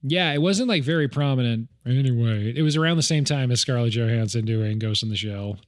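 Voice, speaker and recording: A man's voice: mid-range voice, a little fast, no room sound, studio quality. A man hosting a podcast in casual chat, chatty and laughing, with fillers and restarts. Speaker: podcast host.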